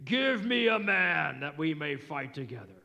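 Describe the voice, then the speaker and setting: A man voicing a boastful giant warrior who taunts his enemies loudly, in a British accent. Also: a little high, big pitch swings, a little slow, vocal fry, full character voice. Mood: taunting. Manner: loud mocking challenge. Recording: long reverb of a hall.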